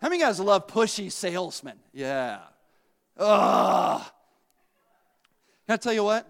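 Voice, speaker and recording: A man preaching a sermon as pastor, telling stories in an animated way that rises to shouting at peaks. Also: sits high, a little fast, big-room sound. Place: church sanctuary. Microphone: handheld or stage mic.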